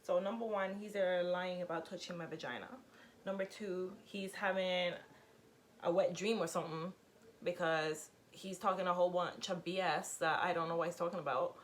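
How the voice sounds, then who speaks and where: A woman's voice: lowish voice, fairly even intonation, normal speed, slight background noise. A young adult woman in a casual storytime vlog, telling her story candidly and expressively, with lots of fillers and swearing. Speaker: vlogger.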